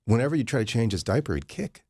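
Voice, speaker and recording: A man hosting a morning radio show, telling joking stories in a casual, animated chat. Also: medium pitch, quick pace, slight background noise. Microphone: studio microphone.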